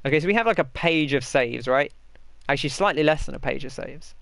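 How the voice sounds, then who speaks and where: A man's voice: on the high side, brisk, vocal fry, a bit bright, no echo. A man giving chatty, rambling gameplay commentary and answering his chat as he plays. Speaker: gaming host.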